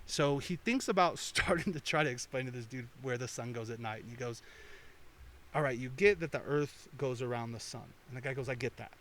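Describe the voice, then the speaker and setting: Profane storyteller with a bright voice. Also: male voice, medium pitch, fairly quick. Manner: profane, animated anecdote-telling with quoted voices. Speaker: podcast guest. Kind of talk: casual podcast storytelling. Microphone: headphones and studio mic.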